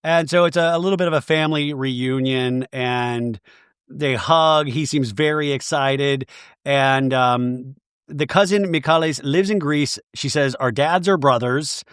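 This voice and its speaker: A man's voice: medium pitch, measured pace, fairly bright tone, clean tone, dry recording, studio quality. A man hosting a comedic podcast, recapping a reality show in a wry, casual storytelling way with some swearing. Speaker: podcast host.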